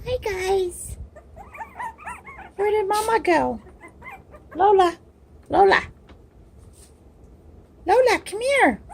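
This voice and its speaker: A woman with a very high, sing-song voice coos at puppies in slow baby-talk. Her voice breaks into gravelly fry at the ends of phrases. A faint hiss sits under the home-camera recording. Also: lively intonation. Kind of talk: home video narration. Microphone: handheld camera.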